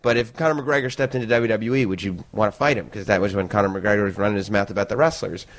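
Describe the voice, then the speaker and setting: A man who is a guest on a podcast, telling stories in an animated way and laughing often. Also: on the low side, fast. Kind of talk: casual storytelling.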